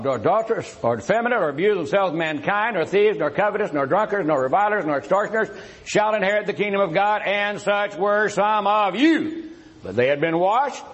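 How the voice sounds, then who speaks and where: A man's voice: high-pitched, fairly bright tone, rough recording. A man giving a preacher-style rebuttal in a religious debate, firing rhetorical questions at his opponent before an audience.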